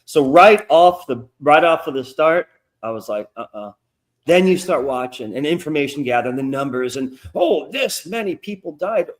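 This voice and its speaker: A man's voice: mid-range voice, normal speed. A middle-aged man telling stories in a casual, profane interview chat, acting out quoted asides. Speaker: guest comic creator. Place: lives in North Carolina.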